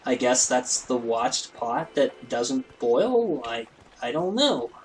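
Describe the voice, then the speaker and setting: A man's voice: medium pitch, sing-song, takes it slowly, slight background noise, rough recording. Guy rambling thru his let's play, self-deprecating, lots of ums, mid-range voice. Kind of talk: casual gameplay commentary.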